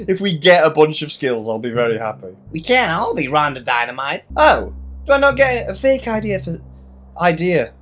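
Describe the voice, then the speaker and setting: Animated woman with a wildly swinging pitch. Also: normal speed. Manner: playful, swears freely, reads characters aloud. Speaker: let's play host. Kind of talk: casual gameplay commentary.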